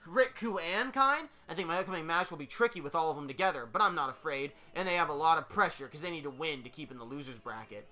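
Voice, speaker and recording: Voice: medium pitch, rapid-fire, hardly any pauses, close to an everyday voice. Narrator doing a cocky wrestler. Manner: boastful, then frantic yelling. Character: male pro wrestler, cocky then scared.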